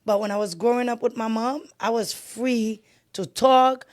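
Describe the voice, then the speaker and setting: A woman's voice: fairly high pitch, steady tone, moderate pace. A middle-aged woman from Haiti, hosting a conversational interview, with frequent affirming interjections. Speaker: host.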